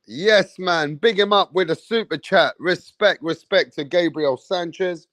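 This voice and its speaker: A man hosting a boxing channel, chatting casually on a live stream, shouting out viewers in slangy, emphatic talk. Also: high voice, measured pace, no echo.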